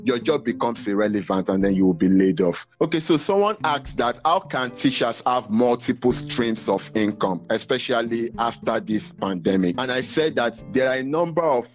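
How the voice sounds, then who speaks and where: A man who teaches speaks as an interview guest, measured and reflective, pushing key words up in pitch. His voice sits in an ordinary middle register. The audio is dull and lo-fi, with soft music underneath. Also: lively intonation. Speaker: teacher and podcaster. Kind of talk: interview guest, earnest storytelling.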